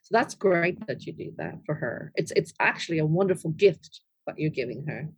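A middle-aged woman author being interviewed, chatting casually and answering with warm, encouraging remarks. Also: low-pitched, animated, normal speed, breathy edge, no room sound. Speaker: author guest.

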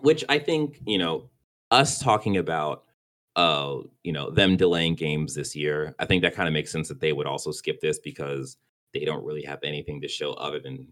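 A man with a low voice co-hosts a laid-back gaming podcast. He rambles, trips over his words and restarts his sentences, chuckling as he goes. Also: normal speed, a bit bright. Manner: rambling, stumbles and restarts, laughs easily. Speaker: podcast co-host. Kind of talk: casual gaming podcast chat.

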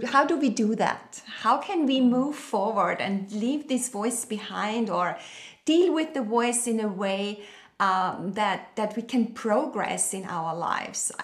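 Slow-talking woman host in a roomy space. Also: fairly high pitch, a bit bright. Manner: slow, searching questions with fillers. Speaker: interview host. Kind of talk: interview questions.

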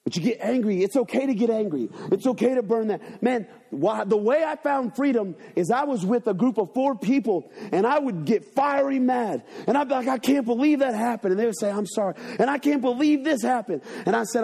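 A man preaching a sermon to his congregation from a church, swinging between loud, urgent passages and low, hushed ones, with call-and-response phrases. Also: lively intonation, a little fast, gravelly, few pauses, husky. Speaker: pastor. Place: church sanctuary.

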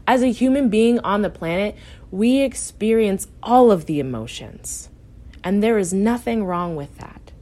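A woman's voice: fairly low pitch, dark tone. A woman hosting her own podcast as a life coach, talking directly and encouragingly to listeners with a tough-love edge and frequent laughs. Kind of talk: motivational podcast talk.

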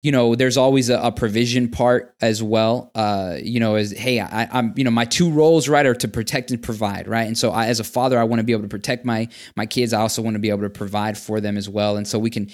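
A man, a father, speaking in casual podcast chat, thoughtful and steady, with frequent fillers. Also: on the low side, quick pace, few pauses.

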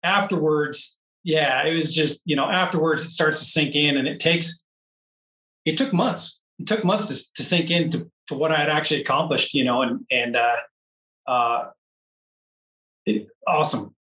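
A man telling a long personal story in a casual interview, animated and laughing often. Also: a little high, moderate pace, echoey room, distant mic, rough recording. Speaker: interview guest, off-road racer.

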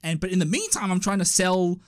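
A man's voice: high-pitched, expressive, brisk. Profane man telling a story. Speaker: podcast co-host. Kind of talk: casual chat, storytelling.

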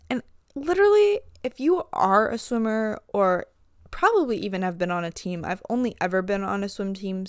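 Smooth-voiced young woman chatting casually. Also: medium pitch, dry recording, clean studio sound. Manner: chatty, frequent "like" fillers. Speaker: podcast host and swim coach. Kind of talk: casual podcast monologue.

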